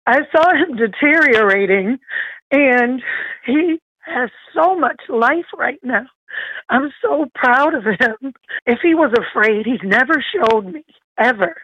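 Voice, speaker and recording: A woman's voice: sits high, expressive, takes it slowly, dry recording. A woman guest in a podcast interview, heartfelt, grateful and emotional, over a dull lo-fi remote line. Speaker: interview guest, kidney donor.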